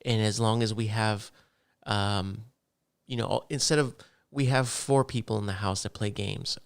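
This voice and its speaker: A man's voice: lowish voice, unhurried, vocal fry, smooth. A middle-aged man co-hosting a gaming podcast in casual, rambling chat. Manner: rambling, relaxed, self-correcting. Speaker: podcast co-host.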